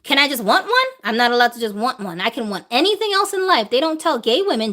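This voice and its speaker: A woman's voice: on the high side, very animated, quick pace, fairly bright tone. A woman hosting a live viewer Q&A, talking in an emphatic way and throwing out rhetorical questions. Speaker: host answering viewer questions. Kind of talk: live-stream opinion talk.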